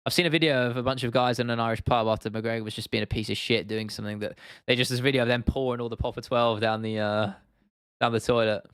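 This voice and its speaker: On his MMA livestream, a man chats loosely with viewers, answering their comments with plenty of swearing, rambling, fillers and false starts. His mid-range voice moves at a quick pace with fairly even intonation and a clean, slightly bright tone. There's no room sound, and the audio is clean studio quality.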